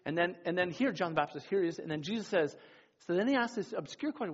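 A man's voice: high voice, animated, brisk, muffled recording, a little hiss or hum. A man giving a casual, conversational sermon as a youth pastor, rambling with restarts and acting out quotes.

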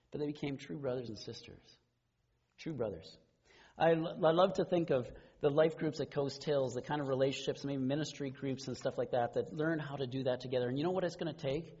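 A man giving a sermon as pastor, speaking conversationally, with quiet asides and the odd chuckle. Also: mid-range voice, husky, dull audio.

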